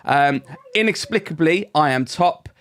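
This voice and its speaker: Male podcast host, cheerful and jokey, casual banter, voice sits a touch high. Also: animated, a little slow, a bit bright, clean tone. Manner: upbeat, joking, chatty.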